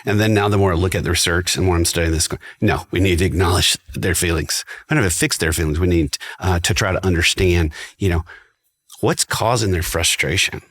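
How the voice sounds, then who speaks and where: A man's voice: low voice, fast, a bit bright. A man who is a guest on a podcast, talking reflectively to dads in a casual chat and quoting what he says to his kids. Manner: reflective, quotes himself, talks to dads directly.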